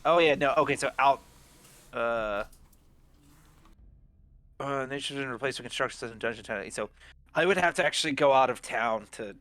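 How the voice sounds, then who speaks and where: Bright-voiced man playing a tabletop game. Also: mid-range voice, no echo. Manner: halting, stammering, playful. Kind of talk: casual chat.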